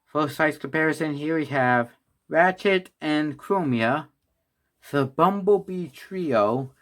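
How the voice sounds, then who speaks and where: A toy reviewer with a slightly high voice and lively intonation talks slowly through a casual vlog. He rambles, keeps restarting his thoughts, and sounds out of breath, sighing as he goes.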